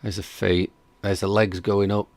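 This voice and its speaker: A man's voice: on the low side, flat delivery, moderate pace, a little mellow, no echo. A man hosting a reaction stream, chatting casually and skeptically while reading out viewer comments. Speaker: reaction video host.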